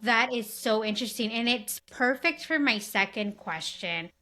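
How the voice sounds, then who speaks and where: A woman's voice: a little high, animated, normal speed, pushed and bright. Woman host. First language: Spanish. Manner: chatty, many fillers like "like" and "um". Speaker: podcast host. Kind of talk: casual interview chat.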